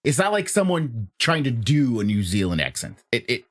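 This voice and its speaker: A man's voice: medium pitch, very animated, normal speed. A man co-hosting a casual podcast, blunt and sarcastic, swearing freely. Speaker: podcast co-host.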